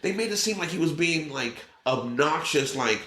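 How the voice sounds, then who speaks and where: A man's voice: a little high, animated, normal speed, sharp tone. A man telling stories as a podcast guest. He acts out other people's lines and swears casually. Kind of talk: casual storytelling. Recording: roomy echo.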